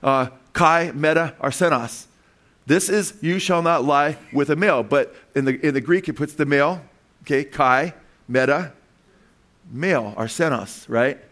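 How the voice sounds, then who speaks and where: A man preaching a sermon to his congregation, pausing to ask questions and walk them through slides word by word, with frequent "okay" and "right". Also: a little high, a bit bright. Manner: emphatic, asks the congregation questions. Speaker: pastor.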